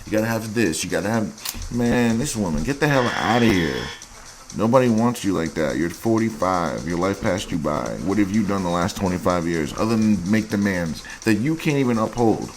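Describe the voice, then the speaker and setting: A man's voice: lowish voice, expressive, moderate pace, slight background noise. A man hosting a dating advice show, giving blunt, crude and mocking commentary on dating profiles.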